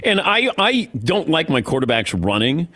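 Brief: male sports radio host, conversational, slightly high voice with big pitch swings. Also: big pitch swings, normal speed, sharp tone.

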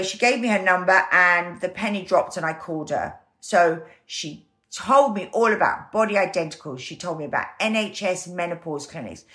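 A woman in her fifties talks candidly as a guest. Her voice sits low, and she slips into little acted-out quotes as she tells her story. The delivery is lively and conversational. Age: 50s. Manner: animated, acts out quoted voices.

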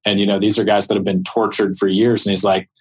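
Husky low-voiced host guy, talks fast, casual chat. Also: flat delivery. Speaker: podcast host.

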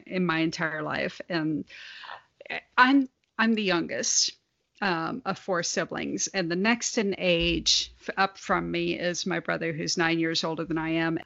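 A woman in her forties co-hosting a podcast, talking candidly with a casual curse here and there. Her voice is low and gravelly, heard through a dull, lo-fi recording. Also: a bit bright, dry recording. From grew up on a farm. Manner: swearing, candid. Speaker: podcast co-host. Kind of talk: casual chat.

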